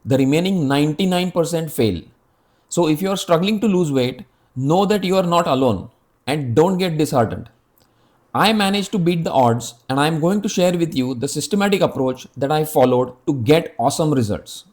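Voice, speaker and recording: Man, 50s, earnest explainer narrator with a slightly raised pitch, talks straight to camera. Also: lively intonation, moderate pace, a little mellow. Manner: earnest, direct, addresses viewer with rhetorical questions. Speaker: health app presenter. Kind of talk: scripted health explainer narration.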